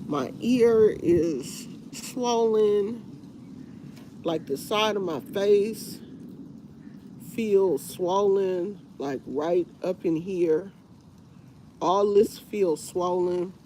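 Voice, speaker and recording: A woman's voice: medium pitch, extremely slow, background noise. A woman hosting a casual livestream, congested with a stuffy nose, rambling in a tired, fed-up way. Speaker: livestream host. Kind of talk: casual live chat with viewers.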